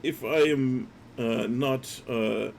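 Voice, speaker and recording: A man voicing a calm, courteous priest in a tabletop game, speaking politely and in measured phrases. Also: mid-range voice, vocal fry, a little hiss or hum.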